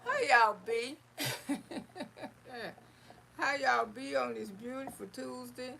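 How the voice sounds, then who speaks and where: A woman's voice: medium pitch, creaky, a bit bright, slight background noise, poor audio. A woman from Florida hosts a casual livestream, reading viewer comments in a folksy, affectionate way and calling listeners honey, sugar and baby. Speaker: livestream host.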